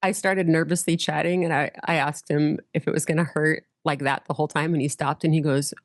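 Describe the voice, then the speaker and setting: Lively storytelling woman, dry close sound. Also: sits low, brisk, no echo. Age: middle-aged. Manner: lively storyteller, acts out quoted voices. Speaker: guest pastor. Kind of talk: casual storytelling interview.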